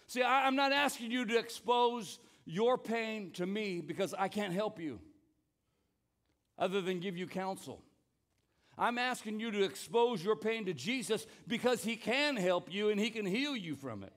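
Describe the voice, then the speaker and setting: A man's voice: high-pitched, expressive, normal speed, fairly bright tone. A man preaching a sermon as pastor, emphatic, often repeating words and urging the congregation to join in. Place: church service.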